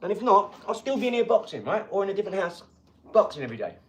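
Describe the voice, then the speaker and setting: Energetic rambling man, fairly high voice. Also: racing. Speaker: livestream host. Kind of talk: casual live-stream chat. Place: home garage.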